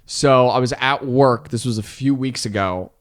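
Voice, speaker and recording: A man's voice: mid-range voice, normal speed. A man in his thirties, a comedian guest, telling a story in casual chat, rambling and self-deprecating, filling his talk with "like". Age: 30s.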